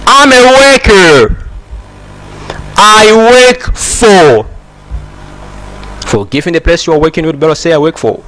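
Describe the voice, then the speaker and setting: A young man from Congo teaching an English lesson on a TV program, slowly repeating example sentences. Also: high voice, sing-song, pushed and bright.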